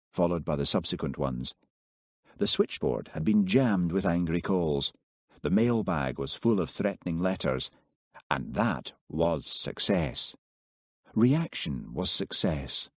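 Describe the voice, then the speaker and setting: A man narrating a novel as an audiobook in measured storytelling. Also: low voice, darkish tone, no room sound, clean studio sound. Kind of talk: scripted narration.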